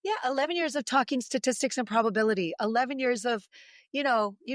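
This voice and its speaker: Middle-aged mom guest, brightly animated storyteller who does the voices, dry close mic. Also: female voice, a little high, fairly quick, no echo. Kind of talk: casual storytelling on a podcast.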